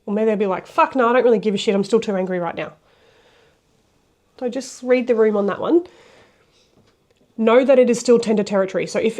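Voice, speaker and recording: A woman's voice: medium pitch, dark tone. Brief: young woman, relationship coach, blunt and casual, talks straight to camera. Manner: frank and blunt, with casual swearing.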